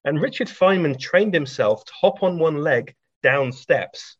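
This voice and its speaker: A man's voice: mid-range voice, normal speed, few pauses, husky, no echo. Guy chatting thru anecdotes, lots of ums, dry kinda muffled audio. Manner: chatty, with many ums and restarts, laughing at his own stories. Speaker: science author and guest. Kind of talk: anecdotal conversational storytelling. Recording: dry, slightly dull lo-fi recording.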